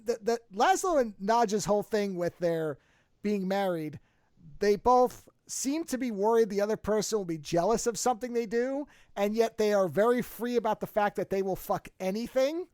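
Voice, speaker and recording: A man's voice: high voice, normal speed, a little mellow, clean tone, no echo, studio quality. A man hosting a podcast, chatting casually about a TV show in a rambling, self-correcting way. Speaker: podcast host.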